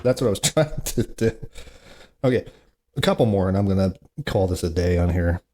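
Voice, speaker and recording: A man's voice: deep voice, lively intonation, moderate pace, darkish tone. Man groaning at his own corny jokes. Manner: self-mocking, groans at his own bad jokes, chatty asides. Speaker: podcast host. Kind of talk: solo comedy podcast, reading corny jokes.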